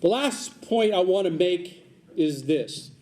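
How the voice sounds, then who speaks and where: Animated man giving a community speech. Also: high voice, slow. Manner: lively, joking asides to the audience, repeats key points. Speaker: guest speaker at a community celebration. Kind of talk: public speech with personal storytelling.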